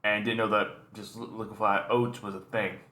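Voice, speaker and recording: A man's voice: lowish voice, flat delivery, a little fast, bright, forceful tone. A man telling stories and reacting as a casual YouTube host, rambling and swearing often. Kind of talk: casual storytelling and reaction commentary. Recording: roomy echo.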